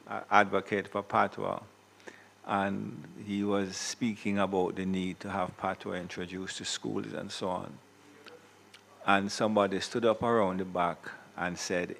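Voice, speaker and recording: A man presiding over a legislative chamber, giving a formal parliamentary tribute in a measured way with small self-corrections. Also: deep voice, little pitch movement, gravelly, fairly bright tone, slight background noise, low-quality recording. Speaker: Senate president.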